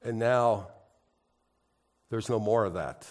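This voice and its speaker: Emotional middle-aged pastor preaching. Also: male voice, lowish voice, slow, a little mellow. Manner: emotional, conversational preaching with rising emphasis. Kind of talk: sermon. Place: church.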